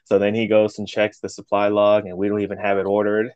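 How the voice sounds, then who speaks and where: A man's voice: on the low side, fast, few pauses, no room sound, dull audio. A man co-hosting a podcast, telling a story casually and animatedly, with plenty of swearing and acted-out quotes. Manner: animated, profane, acts out quotes. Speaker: podcast co-host.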